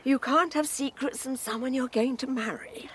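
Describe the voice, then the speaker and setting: An actress playing a teasing, skeptical wife in a radio drama. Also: female voice, high voice, moderate pace, a bit bright, a little hiss or hum. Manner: incredulous, teasing.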